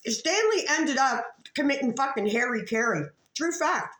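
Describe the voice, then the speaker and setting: A woman's voice: high-pitched, lively intonation, moderate pace, few pauses, fairly bright tone. A woman giving casual, rambling online commentary, swearing freely and restarting her sentences. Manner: profane, rambling, with frequent restarts. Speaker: YouTube commentator. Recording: echoey room.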